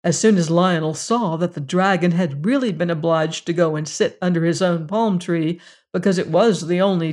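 A measured storyteller reads a fairy tale aloud with a gentle, even delivery. The voice sits at a middle pitch, neither high nor low, and slows down for the dramatic moments.

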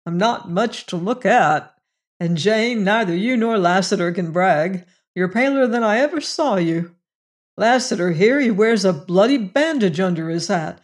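Rugged young cowboy guy, narrator doing him, loud hearty voice, unhurried. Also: mid-range voice, animated, lightly acted. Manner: loud, hearty, soothing to his horse.

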